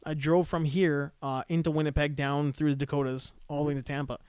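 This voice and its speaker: A man's voice: fairly high pitch, flat delivery, brisk, darkish tone, clear, resonant tone, no echo, studio quality. A Canadian man telling travel stories in a casual chat, laughing and swearing freely.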